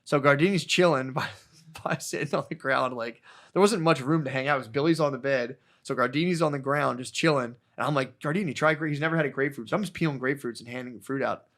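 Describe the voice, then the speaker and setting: A man's voice: mid-range voice, fast talker, fairly bright tone. A man hosting a podcast, telling a rambling, profane story and laughing as he goes. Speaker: podcast host. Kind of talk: casual storytelling chat.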